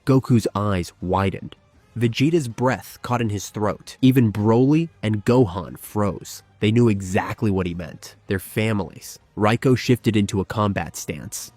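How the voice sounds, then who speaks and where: A man narrating a dramatic fan-made story, slow and emphatic with weighty pauses. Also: lowish voice, a little mellow, dry recording. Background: faint background music.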